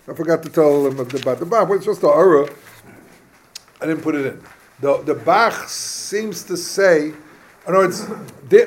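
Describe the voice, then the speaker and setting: A man teaching a Talmud class, thinking aloud, asking the class questions and often restarting. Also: high voice.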